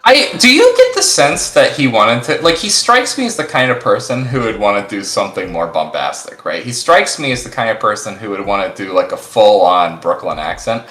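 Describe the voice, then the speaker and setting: Rambling, animated man in an echoey room. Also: fairly low pitch, fairly quick, hardly any pauses. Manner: rambling, full of restarts and fillers, jokey. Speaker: stream co-host. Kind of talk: casual chat. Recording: echoey room with faint music.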